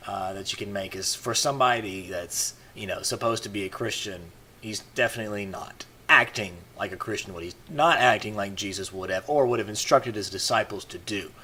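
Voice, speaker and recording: A man's voice: lowish voice, brisk, pushed and bright, breathy edge. A man giving casual, rambling commentary as a vlogger, full of "you know" fillers and restarts.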